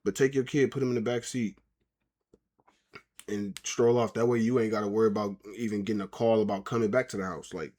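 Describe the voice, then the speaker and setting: A man's voice: fairly low pitch, steady tone, brisk, warm tone. A man giving blunt, lecturing commentary in a casual, slangy way. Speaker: reaction commentator.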